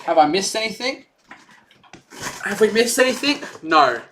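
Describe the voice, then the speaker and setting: A man's voice: sits high, animated, unhurried, pushed and bright, slight background noise. A man giving casual, rambling live play-by-play commentary on a stream, chatty and full of fillers. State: out of breath.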